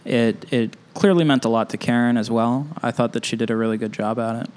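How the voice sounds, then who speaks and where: A man's voice: mid-range voice, fairly even intonation, a little fast, darkish tone. A man talking as a newlywed guest on a podcast, a wry storyteller with dry humor. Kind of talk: casual interview chat.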